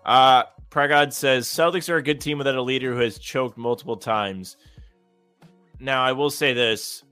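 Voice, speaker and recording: A young man co-hosting a sports podcast, talking calmly and teasing his co-host. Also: mid-range voice, normal speed, clear, resonant tone, faint music behind.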